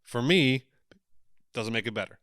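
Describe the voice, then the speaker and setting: A man co-hosting a casual podcast chat, measured and argumentative, hedging his points. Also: medium pitch, expressive, a bit bright, no room sound, clean studio sound. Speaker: podcast co-host.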